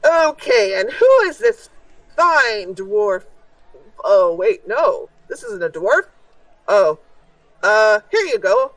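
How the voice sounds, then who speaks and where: A woman's voice: medium pitch, sing-song, slow, pauses often, no echo, distant mic, rough recording. A woman doing a flustered, gushing ringmaster. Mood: flustered announcing. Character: fussy male circus ringmaster announcer.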